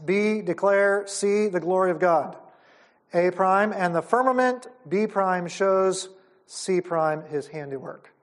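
A man teaching at a Bible conference, enthusiastic and explaining things step by step. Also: high voice. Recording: audio of a live talk.

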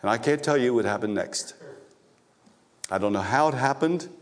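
Male pastor preaching a story-driven sermon in church, halting restarts, emphatic repetition. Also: medium pitch, animated. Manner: storytelling, repeats phrases for emphasis, frequent restarts.

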